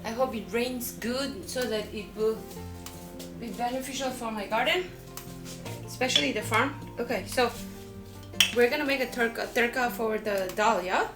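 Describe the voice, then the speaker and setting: A woman's voice: fairly high pitch, normal speed, over music. A woman from Northeast India, a food vlogger chatting casually while she cooks and eats, who often ends lines with "okay?". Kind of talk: casual cooking and mukbang chat.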